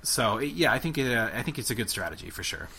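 A young man co-hosting a casual tech podcast, talking excitedly and rambling with lots of restarts. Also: medium pitch, quick pace, slightly rough. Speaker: podcast co-host.

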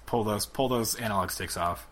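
A young man co-hosting a casual tech podcast, talking excitedly and rambling with lots of restarts. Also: fairly low pitch, normal speed, a little hiss or hum. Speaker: podcast co-host.

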